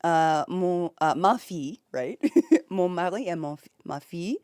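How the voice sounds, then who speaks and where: A woman's voice: lowish voice, unhurried, dark tone, clear, resonant tone, no echo, studio quality. A young American woman streaming from bed, chatting casually with viewers, reading chat aloud and laughing often. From United States. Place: home, in bed.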